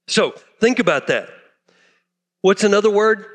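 Male pastor, sermon, fired up, drops to hushed asides; high-pitched, reverberant church hall. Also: expressive, moderate pace. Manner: impassioned, swings from loud to hushed. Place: church sanctuary.

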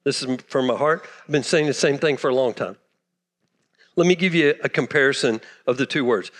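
A male pastor preaching a sermon to his church, impassioned, swinging between loud declarations and hushed asides. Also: mid-range voice, brisk. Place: church sanctuary. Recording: long reverb of a church hall.

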